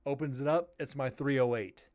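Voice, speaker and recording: A man's voice: medium pitch, fairly even intonation, normal speed, darkish tone. A man hosting a live stream, casually telling a story and acting out both sides of the dialogue.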